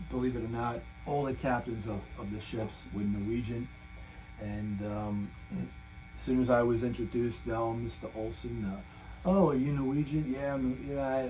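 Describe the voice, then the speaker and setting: A man's voice: medium pitch, mellow, poor audio. An older man hosting his own guitar channel, telling a long rambling story in casual chat with many restarts. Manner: chatty, meandering, full of restarts. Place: home room, guitar nearby.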